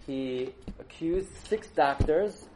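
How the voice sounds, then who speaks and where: A man giving a storytelling sermon to a live audience, animated and jokey, often putting questions to the listeners. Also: fairly high pitch, slow, a little hiss or hum, rough recording.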